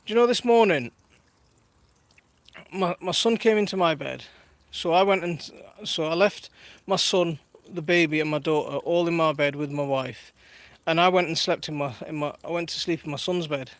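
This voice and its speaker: A man's voice: on the high side, moderate pace, dry recording. A man in his thirties chatting casually on a live stream from his garden while minding his toddler, laughing often and reading viewer comments aloud. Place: outdoors in a garden.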